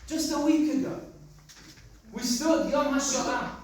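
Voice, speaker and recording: A man's voice: extremely high pitch, steady tone, takes it slowly. Man preaching, rabbi telling stories, sounds far off in a big echoey synagogue, faint noise. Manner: storytelling, emphatic and reflective. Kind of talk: sermon. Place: large synagogue hall.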